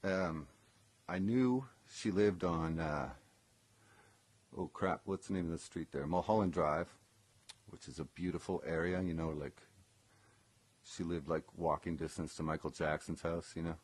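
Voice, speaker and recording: A man's voice: deep voice, measured pace, long pauses, husky, no room sound. A man, a former session guitarist, telling a personal story in a casual live stream, rambling with lots of ums and self-corrections.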